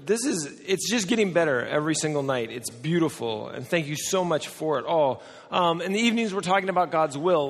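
A middle-aged American man delivers a sermon in a fairly high voice. His tone is loose and conversational, and he drops jokes and asides to the audience while he tells a story. His voice carries a long reverb from a large hall. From United States. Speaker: preacher. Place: large church or conference hall.

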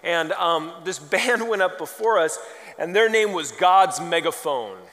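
Animated high-voiced preacher in a reverberant hall. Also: male voice, unhurried. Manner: animated, rambling and self-mocking. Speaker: pastor. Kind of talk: sermon with storytelling.

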